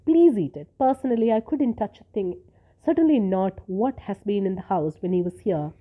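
A woman reading a story, voicing a grieving young housewife who is sweetly polite and quietly calculating, with a soft, pleading manner. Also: medium pitch, expressive, normal speed, lightly acted. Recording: tinny phone-like sound.

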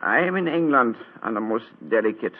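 An actor playing a wounded, bedridden German count with a German accent, breathy and halting, in a 1940s radio drama. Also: male voice, mid-range voice, animated, close to an everyday voice. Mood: weak, earnest. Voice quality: breathy, halting, many hesitations. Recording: tinny old radio broadcast.

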